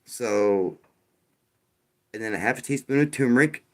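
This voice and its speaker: A man's voice: mid-range voice, moderate pace. A man hosting a live stream, talking loosely and casually, with frequent restarts and a wry, sarcastic edge. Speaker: livestream host.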